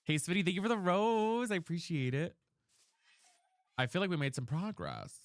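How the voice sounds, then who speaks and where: A man's voice: high voice, big pitch swings, normal speed, no room sound. A man chatting casually on a live game stream, dramatic and chatty, thanking viewers by name. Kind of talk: casual live-stream chat while gaming.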